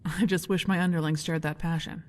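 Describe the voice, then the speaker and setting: A woman plays an idealistic female guild leader in a game, earnest and measured. Her voice sits low, and a long reverb hangs behind it. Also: steady tone, lightly acted. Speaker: game character.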